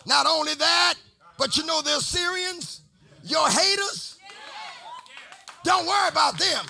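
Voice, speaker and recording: A man's voice: very high voice, animated, unhurried, creaky, bright, forceful tone, raised voice, some chatter behind. A man preaching a sermon as a bishop, chanting and half-singing his lines in a studio full of worshippers. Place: studio with congregation.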